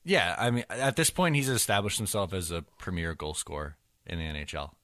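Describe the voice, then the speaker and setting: A man's voice: deep voice, fairly quick, a bit bright, no room sound, studio quality. A man hosting a casual sports podcast, laid-back and joking as he moves the talk from topic to topic. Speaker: podcast host.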